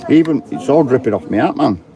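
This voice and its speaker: A man's voice: mid-range voice, lively intonation, fast. A man, chatting casually outdoors in the rain, joking and swearing freely. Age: 30s. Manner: chatty, swears a lot, jokey banter. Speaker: vlogger. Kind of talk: casual chat to camera. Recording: outdoor crowd noise. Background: crowd chatter.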